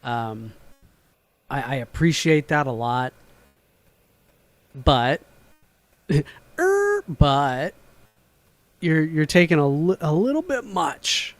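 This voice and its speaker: A man's voice: on the high side, huge pitch swings, slow, long pauses, dry recording, faint music behind. A man hosting a casual livestream from home, rambling, swearing casually and laughing often. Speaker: livestream host. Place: home room.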